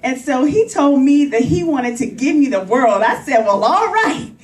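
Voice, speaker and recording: A woman performing clean stand-up comedy on a coffee house stage, talking straight to the crowd in an animated way. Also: sits high, normal speed. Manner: animated, addresses crowd directly. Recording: roomy, from a distance.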